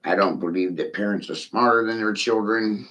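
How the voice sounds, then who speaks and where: A man's voice: lowish voice, normal speed, a bit bright, lo-fi sound. Man ranting profanely on a livestream. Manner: ranting, profane, addresses a viewer by name. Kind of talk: rambling monologue stream.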